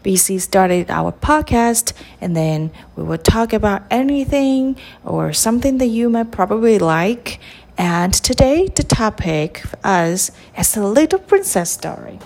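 A woman hosting a podcast, reading a children's picture book aloud in a slow, expressive way. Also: medium pitch, creaky. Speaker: podcast host and storybook reader.

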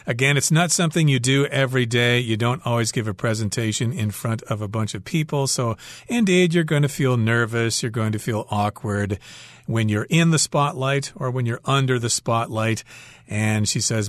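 A man explains English phrases in a calm, patient teaching voice, walking through examples one by one. His voice sits at an ordinary middle pitch. The studio sound is dry and close. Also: moderate pace, dry recording. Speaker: English teacher on a radio lesson. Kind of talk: explaining dialogue and vocabulary.

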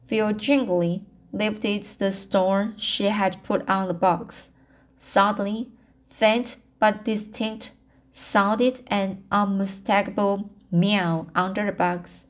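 Slow, halting woman reading a story aloud. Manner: halting, with frequent restarts and stumbles over words; lifts pitch and volume for characters' quoted lines. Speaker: audiobook reader. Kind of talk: amateur read-aloud of a novel.

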